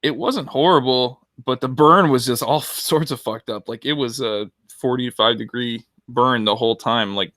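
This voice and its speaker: A man's voice: mid-range voice, moderate pace, hardly any pauses, a bit bright, no echo, studio quality. A man chatting casually on a podcast, laid-back and swearing freely. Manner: laid-back, profane banter. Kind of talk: casual chat.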